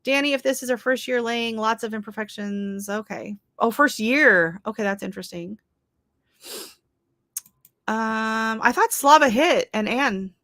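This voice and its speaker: A woman's voice: fairly high pitch, moderate pace, few pauses, a bit bright, no echo, studio quality. A woman hosting a casual livestream from home, chatting and laughing as she greets viewers and answers their comments. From Canada. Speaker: livestream host.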